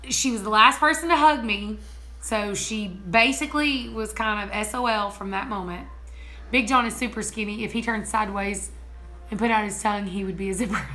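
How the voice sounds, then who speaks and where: A woman chatting casually on her vlog, giggly and excitable. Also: fairly high pitch. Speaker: homesteading vlogger. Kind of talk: casual chat.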